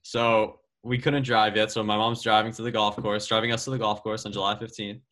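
Young man telling a lively story. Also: on the low side, a little fast. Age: young adult. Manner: animated, laughs while telling, many fillers of "like". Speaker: guest golfer. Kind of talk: casual storytelling.

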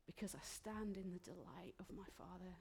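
A woman preaching a sermon in a church, heartfelt and emotional, dropping into soft whispered asides. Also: fairly low pitch, creaky, slight background noise.

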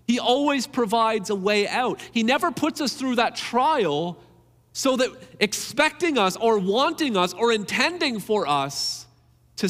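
A man's voice: high voice, a bit bright, long reverb tail. A man preaching a sermon in an earnest, emphatic way, repeating key phrases to drive them home.

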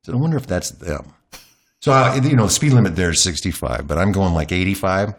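Deep-voiced man telling a lively story. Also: a little fast. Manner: animated anecdotal storyteller, chatty with fillers. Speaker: news anchor as interview guest. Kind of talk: candid interview storytelling. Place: his home.

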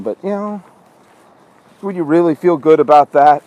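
At a normal speed with long pauses, this podcast host speaks in a slightly high, dark-toned voice on a rough recording. Walking through an outdoor parking lot at night, he rambles in exasperation and scolds himself over street noise and a reversing truck.

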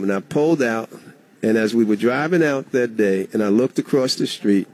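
Middle-aged man telling a story, animated. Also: fairly low pitch, normal speed. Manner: animated storyteller, acts out quoted dialogue. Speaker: radio show guest, former state legislator. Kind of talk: storytelling in a radio interview.

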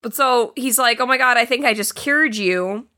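A woman's voice: fairly high pitch, normal speed, pushed and bright. A woman co-hosting a film podcast in casual chat, retelling the plot and acting out the characters' lines. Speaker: podcast co-host reviewing a film.

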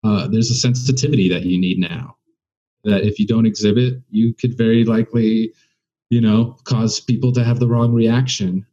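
A man with a low, warm, slightly husky voice chats as a comedian guest, circling his points and restarting sentences as he thinks aloud. The recording is a little dull and lo-fi. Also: fairly even intonation, normal speed. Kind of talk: casual podcast conversation.

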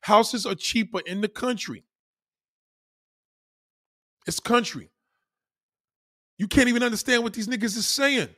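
A man's voice: very high-pitched, a little slow, pauses often, pushed and bright, no echo, clean studio sound. A young man with a New York accent, ranting casually, bluntly and with lots of profanity, hammering his points by repeating them. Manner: blunt, profane, emphatic with repetition. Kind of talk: casual rant.

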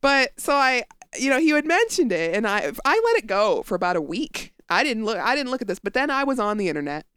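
A woman co-hosting a podcast in casual chat, sarcastic and quick to laugh. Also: a little high, clean tone. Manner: animated, laughs often, sarcastic. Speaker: podcast co-host.

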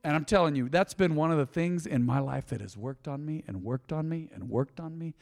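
Pastor guy preaching, kinda high voice, chatty story then loud punches and quiet bits, big echoey church hall. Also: brisk, gravelly. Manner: conversational storytelling, swings between loud emphasis and soft asides. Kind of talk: sermon with a personal story. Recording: long reverb of a large hall.

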